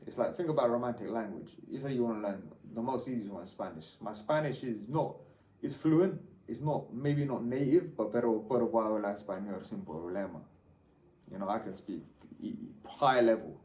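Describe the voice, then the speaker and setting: A man's voice: medium pitch, warm tone. A man with a London accent talking casually to camera as a travel vlogger, rambling, boastful and swearing freely, a little tired. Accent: London English. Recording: roomy echo, faint background hum.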